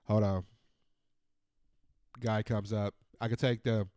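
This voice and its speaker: A man in his thirties hosting a podcast, ranting in a casual, profane, animated monologue. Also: on the low side, slow pace, dry recording, studio quality. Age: 30s. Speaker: podcast host.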